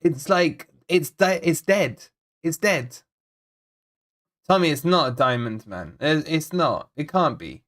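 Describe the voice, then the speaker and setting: A man's voice: on the high side, lively intonation, slow pace, fairly bright tone. A man hosting a live football watch-along, chatting casually to viewers, rambling and repeating himself as he frets over the team and reads out chat messages. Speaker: fan channel host.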